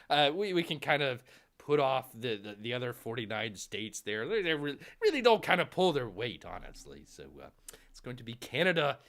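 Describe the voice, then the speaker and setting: Lively, bright-voiced man rambling on a livestream. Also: medium pitch, normal speed. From Tampa Bay area. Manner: rambling and excitable, many fillers. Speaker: comics livestream host. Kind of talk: casual live-stream chat.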